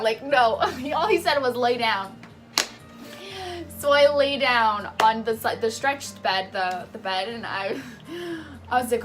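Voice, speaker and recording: A young woman telling a personal story in a casual vlog, acting out the voices of the people in it, laughing often and dropping to a hush at tense moments. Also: fairly high pitch, brisk, soft background music. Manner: animated, acts out the voices in her story. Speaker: patient telling her surgery story.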